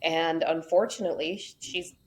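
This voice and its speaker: A woman's voice: sits low, steady tone, moderate pace, noisy background. A woman tells her story frankly in a conversational interview. She mixes plain facts with wry asides. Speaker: podcast guest.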